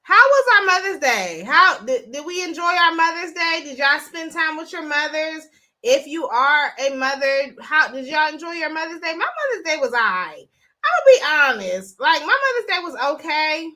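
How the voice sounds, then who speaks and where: Woman streamer, high bright voice, chatty and blunt, casual live talk on a phone. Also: sing-song, moderate pace.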